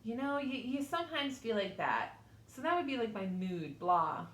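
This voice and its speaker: A woman with a slightly high voice teaches an online class, speaking informally and personally, with fillers and small asides. The sound is roomy, with echo from the small studio around her. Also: big pitch swings, moderate pace, a bit bright, slight background noise. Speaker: instructor.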